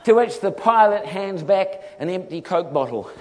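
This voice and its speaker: Male preacher, animated storyteller, slightly high voice, in a reverberant hall. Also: normal speed. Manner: animated storyteller, acts out voices, laughs often.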